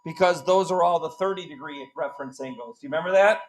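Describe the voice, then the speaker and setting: A man's voice: high-pitched, fast, slight background noise, poor audio. Joking man teaching a math class. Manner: joking, quizzing students with countdowns. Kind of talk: classroom lesson.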